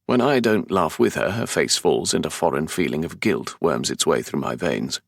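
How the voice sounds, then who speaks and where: A man's voice: very deep voice, lively intonation, moderate pace, vocal fry, dry recording. A man with a London English accent narrating a romance audiobook in the first person, with a dry, sardonic, exasperated manner. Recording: dry close studio sound.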